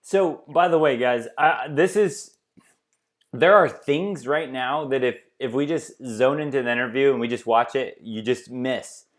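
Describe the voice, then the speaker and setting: A man's voice: mid-range voice, a little slow. A man hosting an opinionated commentary monologue as a dating coach, talking emphatically and rambling, often tagging on "right?".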